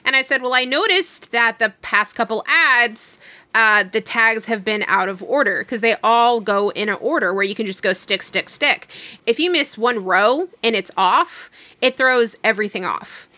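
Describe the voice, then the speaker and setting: A woman's voice: on the high side, normal speed, no room sound. A young woman casually telling a long work story, acting out the dialogue as she goes. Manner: animated retelling with quoted dialogue.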